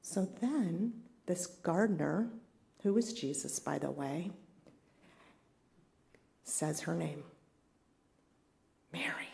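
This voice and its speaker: Slow gravelly woman preaching gently. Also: lowish voice, animated. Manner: conversational, reflective, asks the congregation questions. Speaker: spiritual leader. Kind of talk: sermon.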